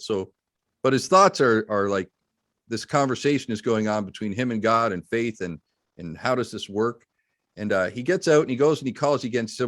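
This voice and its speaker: Host, male, lowish voice, dry close sound, animated storyteller. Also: brisk, no room sound. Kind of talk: interview storytelling.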